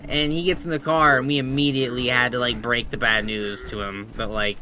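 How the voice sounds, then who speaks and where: A man's voice: medium pitch, fairly even intonation, fairly quick, hardly any pauses, background noise. A man streaming a game, chatting casually, telling rambling stories full of swearing and reading his chat aloud.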